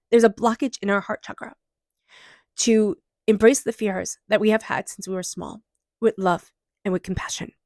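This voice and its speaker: A woman giving an intuitive tarot reading and leading a guided meditation, speaking softly and gently, at times dropping into a whisper. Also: medium pitch, dry recording, clean studio sound. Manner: soft, gentle, drifts into whispers. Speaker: tarot reader.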